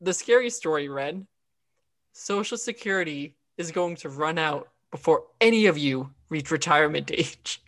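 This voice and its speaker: Chatting casually as a podcast co-host, a woman recaps an episode with lots of fillers and restarts. Her low voice is expressive and moves at a normal speed.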